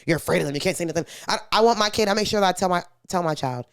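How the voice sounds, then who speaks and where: A young woman co-hosting a podcast in casual chat, blunt and animated, swearing freely and acting out quoted voices. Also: on the low side, racing, smooth, dry recording, clean studio sound. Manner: acts out quoted kids and parents in a raised voice. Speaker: podcast co-host.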